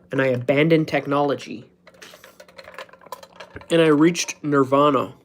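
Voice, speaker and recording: A man in his thirties chatting casually on a live stream from home, rambling, self-mocking and laughing at his own jokes. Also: on the high side. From United States. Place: at home, indoors.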